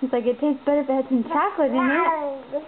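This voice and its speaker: A woman's voice: high voice, fast, crowd noise. A mother feeding her baby at home, coaxing him in giggly baby talk. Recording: tinny lo-fi home camcorder audio with hiss.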